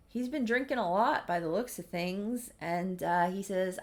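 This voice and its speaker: A woman narrating a life-sim soap opera in a casual, chatty way. She drops wry asides between the story beats, and her low voice carries a gravelly rasp. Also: measured pace, few pauses, darkish tone.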